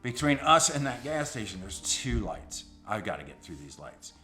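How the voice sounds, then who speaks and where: A middle-aged man, a rideshare driver, telling a personal story in an animated, suspenseful way. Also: on the low side, moderate pace, faint music behind.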